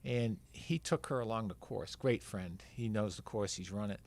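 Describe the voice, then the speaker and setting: Older male guest, low gravelly voice, rambling anecdotal storyteller. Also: normal speed, darkish tone. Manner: rambling, acts out quoted dialogue. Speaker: podcast guest, veteran marathon runner.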